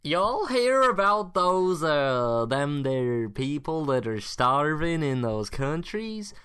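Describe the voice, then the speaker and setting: A man voicing a blustering American yokel in an exaggerated mock Southern American accent, drawn out and halting. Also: fairly high pitch, very animated, fairly bright tone, clean tone, dry recording, studio quality, pitched above the performer's own voice, exaggerated voice. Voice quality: slow exaggerated drawl with hesitations.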